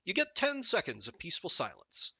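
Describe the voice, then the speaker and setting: Bright animated man streaming a game. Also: sits high, brisk, breathy edge, dry recording. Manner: jokey, animated, reads game text and riffs on it. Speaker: streamer playing a text game. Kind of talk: live game commentary and reading aloud.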